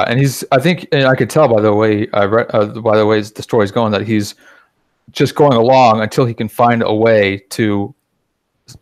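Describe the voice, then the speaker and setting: Low-voiced man in dry casual chat. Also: no room sound. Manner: chatty, acts out quoted remarks.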